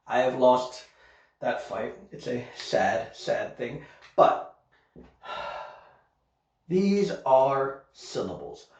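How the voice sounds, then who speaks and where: A man's voice: medium pitch, sing-song, very slow, pauses often, darkish tone. A man teaching English in a recorded online lesson, explaining patiently step by step and often checking in with "okay?". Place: Korea. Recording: echoey room, muffled sound.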